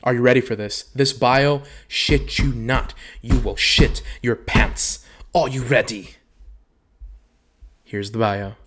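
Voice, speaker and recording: Medium-pitched and slow, this young male podcast host reads out dating bios and jokes about them in a casual, comedic way, swearing, staying animated and laughing often. There's slight background noise.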